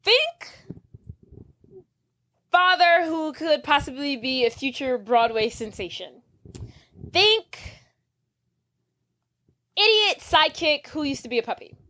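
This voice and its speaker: A woman's voice: high-pitched, animated, normal speed, few pauses, fairly bright tone. A woman co-hosting a movie podcast in casual chat, blunt and swearing freely. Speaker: podcast co-host.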